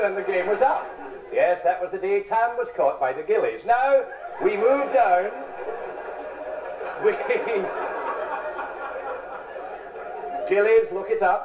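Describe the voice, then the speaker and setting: Wry man in his forties, joking on stage. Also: high voice. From England. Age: 40s. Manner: wry, punning, with quick asides to the audience. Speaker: stand-up comedian. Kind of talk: music hall comic patter to a live audience. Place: large theatre. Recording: roomy, distant, dull 1970s theatre broadcast with audience laughter. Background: audience laughter.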